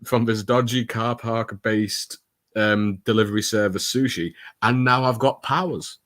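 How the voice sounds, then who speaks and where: A man co-hosting a casual live stream, sardonic and sweary with quick asides. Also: on the low side, fairly even intonation, a bit bright, no room sound. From England. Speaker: co-host. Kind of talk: casual banter.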